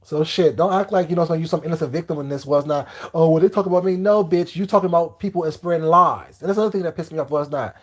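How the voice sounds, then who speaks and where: A man's voice: a little high, quick pace, hardly any pauses. Blunt, profane man ranting on stream. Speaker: live streamer. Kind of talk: live-stream rant to chat.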